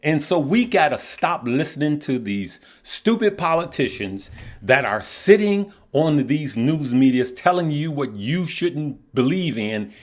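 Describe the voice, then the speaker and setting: A man hosting an investing course channel, talking in a blunt, opinionated casual monologue and telling stories with jokes. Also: mid-range voice. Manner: blunt, opinionated, joking storyteller.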